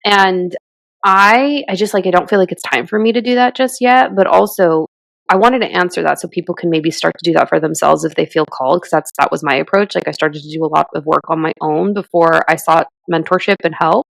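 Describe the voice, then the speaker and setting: A woman's voice: lowish voice, a little fast, vocal fry, dry recording. A woman in her thirties co-hosting a podcast, talking in a rambling, reflective way full of fillers. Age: 30s. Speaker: podcast co-host. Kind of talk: casual chat.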